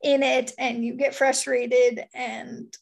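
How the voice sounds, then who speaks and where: A woman in her thirties with a high voice, talking candidly and rambling, her sentences full of fillers. There is a gravelly fry in her voice. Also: flat delivery, slow pace. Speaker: parent. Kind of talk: casual chat.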